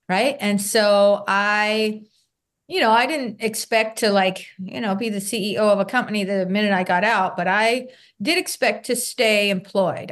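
A middle-aged woman, a guest in an interview, telling her own story in an earnest, conversational way, often ending points with a quick "right?". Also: mid-range voice. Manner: earnest, ends points with tag questions; acts out remembered dialogue.

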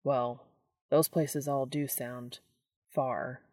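A woman's voice: very deep voice, little pitch movement, drawn-out words, darkish tone, no room sound, clean studio sound, pitched below the performer's own voice, exaggerated voice. A woman voicing a tired, whiny, sarcastic man in a fan fiction audiobook, grumbling as she speaks his lines.

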